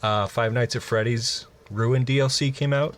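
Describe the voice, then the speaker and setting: Man, podcast co-host, laid-back slangy banter, mid-pitch. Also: steady tone, normal speed, slight background noise. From Midwestern US. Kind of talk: casual chat.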